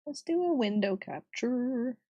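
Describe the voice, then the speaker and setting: A woman streamer chatting casually with her viewers, giggling often and reacting warmly to their messages. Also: on the high side, expressive, a little slow, slightly rough, dry recording, highs cut off. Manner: giggly and chatty, talks to chat.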